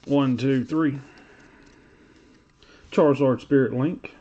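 A man's voice: mid-range voice, slow, mellow, dull audio. A man hosting a live card-opening stream, calling out card names and teasing viewers with joking banter. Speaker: live card-break host. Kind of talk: casual livestream commentary.

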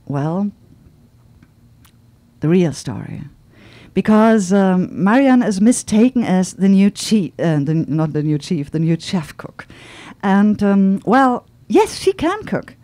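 Woman author, book talk and reading, lively melody, middle pitch, searching for words. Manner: animated, searching for words with fillers.

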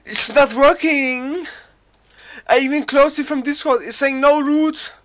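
A man streaming a game, talking to himself and his chat, exasperated, going from low muttering to sudden high yelps. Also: measured pace, fairly bright tone.

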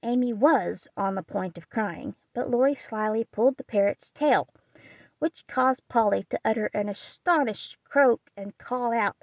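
A woman narrating a classic novel as an audiobook in a steady, measured reading. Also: a little high, dry recording. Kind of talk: scripted narration.

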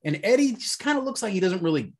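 Husky man rambling through a movie review. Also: high voice, big pitch swings, fast talker, a little mellow. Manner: rambling, searching for words with many fillers. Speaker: podcast co-host. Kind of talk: casual movie review chat.

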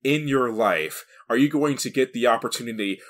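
Speaking at normal speed in a medium-pitched voice, a podcast co-host chats casually about movies. He retells scenes with animation and frequent laughter.

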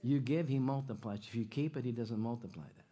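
A man preaching a church sermon, animated and jokey, often repeating his phrases and questioning the congregation. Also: medium pitch, a little fast. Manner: animated, jokey, repeats himself, audience call-outs. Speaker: guest preacher. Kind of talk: sermon with stories and jokes. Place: church sanctuary.

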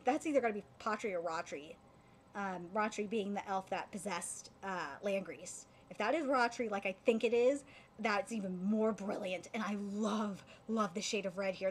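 Female anime reaction streamer, excitable and gushing, even middle pitch, faint noise. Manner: excitable fan gushing, many fillers and restarts. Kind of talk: live reaction commentary.

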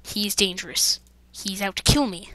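A woman's voice: mid-range voice, normal speed, sharp tone, dry recording. A woman hosting a let's-play gaming video, commenting to her viewers with jumpy, dramatic exclamations. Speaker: gaming channel host.

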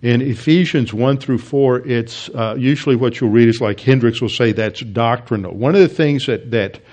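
Male Bible teacher, mid pitch, halting classroom lecture with frequent fillers. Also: a little mellow. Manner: halting, many restarts and fillers, explanatory.

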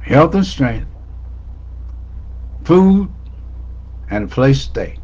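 A man's voice: medium pitch, sing-song, extremely slow, a little mellow, muffled recording. A man preaching a sermon as pastor, repeating his key lines with rising emphasis. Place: church sanctuary.

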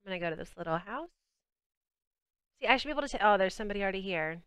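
Very fast and animated, a young woman with a Southern US accent chats bubbly and casually with viewers as she plays on her game livestream. Her medium-pitched voice is fairly bright, clear and resonant, with no echo.

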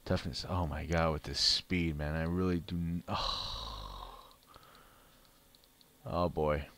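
A man's voice: low-pitched, flat delivery, normal speed, fairly bright tone. A man hosting his own gaming channel, giving casual commentary on a mobile card game and grumbling about bad luck.

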